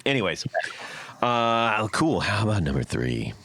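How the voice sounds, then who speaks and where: A male podcast host with a low, bright, forceful voice. He chats in a relaxed, joking way and trails off into drawn-out filler phrases. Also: dry recording. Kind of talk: casual podcast interview.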